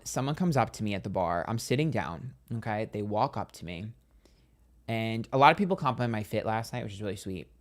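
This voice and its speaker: Blunt, chatty young man. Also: fairly low pitch. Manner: blunt, candid, heavy use of "like". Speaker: psychic tarot streamer. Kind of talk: casual chat reading viewer comments.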